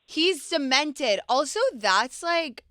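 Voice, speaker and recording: Woman, podcast host, bright, dry studio sound, frank, expressive. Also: high-pitched, slow pace, no echo. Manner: expressive, frank, reacting with disgust. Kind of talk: advice podcast chat.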